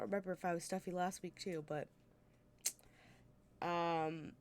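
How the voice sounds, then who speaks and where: A woman's voice: on the low side, fairly even intonation, a little slow, darkish tone. A woman game streamer with a stuffy, congested nose from a sinus infection, chatting casually and profanely with her viewers on a desk mic at home.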